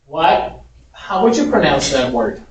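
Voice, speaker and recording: Speaking a little slowly in a slightly high, sing-song voice, a male Spanish teacher delivers an informal, chatty lecture with evident amusement. A crowd can be heard in the background, and the distant mic captures the echo of a large parish hall.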